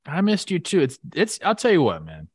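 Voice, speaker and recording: A man who used to play pro baseball, talking sports in a relaxed, halting way. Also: a little high, husky, no echo, studio quality. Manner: relaxed, halting, many restarts. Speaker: former baseball player, show guest. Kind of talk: casual sports talk.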